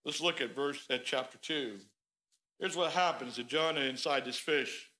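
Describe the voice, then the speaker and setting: A man preaching a sermon in a church, telling the story in an animated, conversational way. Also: medium pitch, moderate pace, poor audio. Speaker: pastor. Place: church sanctuary.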